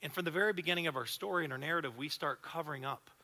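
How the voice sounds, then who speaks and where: Male pastor in his 30s, bright, slightly high voice, lively conversational sermon, long hall reverb. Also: very fast, creaky. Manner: animated, conversational preaching with repeated restarts. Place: church auditorium.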